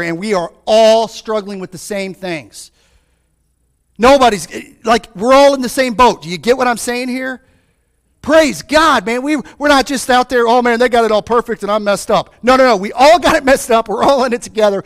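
A male pastor preaching a sermon to his congregation, calling out to them, swinging between loud, fired-up lines and quiet, hushed ones. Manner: fervent, rises and drops sharply in pitch and volume; calls out to the congregation.

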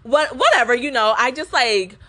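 This young woman's vlog rant comes in an animated, fairly high voice that sounds pushed and bright, at a normal speed. She swears a lot, rambles with lots of fillers, and laughs frequently as she talks.

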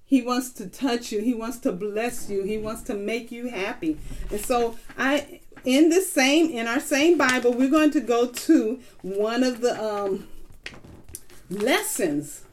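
Slow, coaxing woman teaching children. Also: on the high side, slight background noise. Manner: slow, sing-song and coaxing, with rhetorical questions. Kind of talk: children's Bible lesson.

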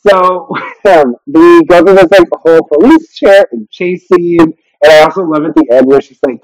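A man's voice: fairly high pitch, normal speed, no echo, rough recording. A man co-hosting a podcast, chatting casually and rambling through a film recap, acting out quotes with self-deprecating asides. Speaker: podcast co-host.

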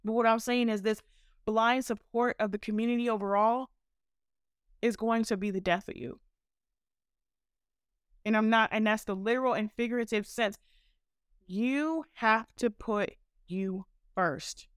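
Woman podcast host, impassioned and profane; clear voice, dry and close-miked. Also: on the high side, fairly even intonation, moderate pace, long pauses, dry recording. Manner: blunt, fiery, profane.

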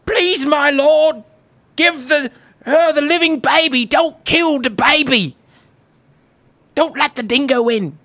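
A man putting on a shrill, melodramatic voice for a distraught mother pleading before a king. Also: takes it slowly, fairly bright tone, heavily acted. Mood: desperate.

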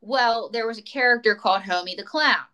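Bright, rambling woman comedian. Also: a little high, a little fast, a little hiss or hum, rough recording. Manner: rambling, tangent-prone storytelling. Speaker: stand-up comedian guest. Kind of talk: casual chat.

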